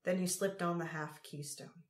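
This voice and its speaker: A woman narrating an audiobook chapter in a measured, unhurried reading. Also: fairly low pitch, fairly even intonation. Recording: roomy echo.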